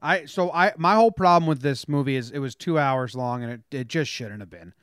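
Blunt young man, smooth dry voice. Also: mid-range voice, a little fast, a bit bright, no room sound. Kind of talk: casual movie discussion.

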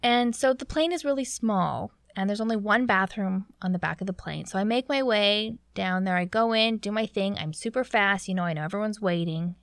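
A young woman from Canada telling a story in a chatty, animated way, with lots of "like". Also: medium pitch, normal speed, few pauses, no echo, studio quality. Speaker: vlogger. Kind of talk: casual storytelling.

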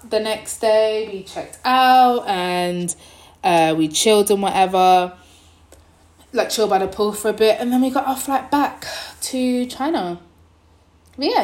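A young woman vlogging, telling a story in a casual, animated way and acting out the people in it. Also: medium pitch, moderate pace, reverberant.

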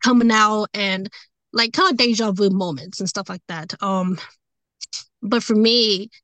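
A woman's voice: mid-range voice, measured pace, a bit bright, dry recording, rough recording. A woman who works as a medium, talking casually in an interview, rambling with fillers and restarts and growing emotional as she speaks. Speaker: medium and tarot reader.

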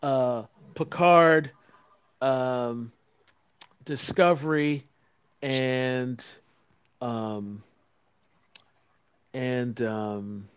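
Slow, hesitant man with a smooth voice. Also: medium pitch, fairly even intonation, no echo. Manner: halting, hesitant, with many fillers and pauses. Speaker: podcast co-host. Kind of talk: casual chat. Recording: dull, dry home-mic sound.

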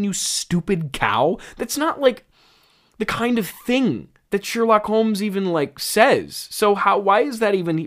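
A man's voice: sits high, a bit bright. A man hosting a comedy show, stammering and laughing as he reads and mocks his own old script. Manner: incredulous, laughing, stammering restarts. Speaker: host.

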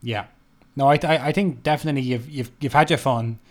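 A man's voice: medium pitch, fairly quick. A man with a mid-range voice co-hosts a casual podcast. His talk is laid-back and loose, winding through thoughts with frequent fillers. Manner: laid-back, rambling, heavy use of "like". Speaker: podcast co-host. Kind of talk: casual chat.

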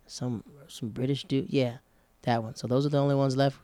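A man's voice: mid-range voice, flat delivery, moderate pace, mellow, dry recording. A man in casual chat as podcast co-host, rambling and chatty, often correcting himself.

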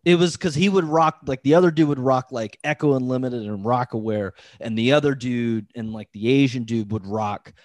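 Podcast host dude rambling thru a story, like like like, dead dry mic. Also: male voice, medium pitch, normal speed, few pauses, a little mellow, dry recording. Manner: rambling, many "like" fillers and restarts. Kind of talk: casual storytelling chat.

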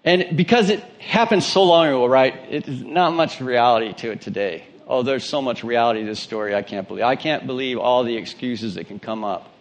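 A man's voice: mid-range voice, a little fast, hardly any pauses. A male pastor with a Southern twang, reading scripture and preaching an emphatic sermon that asks questions of the congregation.

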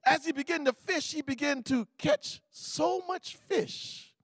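A man preaching a sermon, telling a Bible story with lively acted-out voices. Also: extremely high pitch, measured pace, no room sound, clean studio sound. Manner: animated storytelling, acting out voices.

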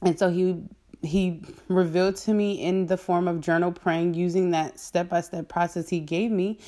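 A woman sharing a personal faith testimony with viewers in a casual, earnest way, full of "um" and "like" and quick laughs. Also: fairly low pitch. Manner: earnest and animated, with frequent "um" and "like" and laughs mid-sentence.

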